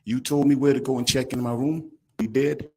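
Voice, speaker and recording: A man, crying as he gives an emotional, halting victim statement at a courtroom podium microphone. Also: mid-range voice, steady tone, warm tone. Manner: emotional, halting, breaks off mid-sentence.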